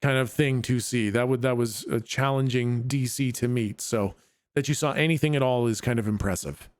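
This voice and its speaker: A man narrating as game master of a tabletop game in a relaxed, casual way, with some swearing. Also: medium pitch, moderate pace, no room sound.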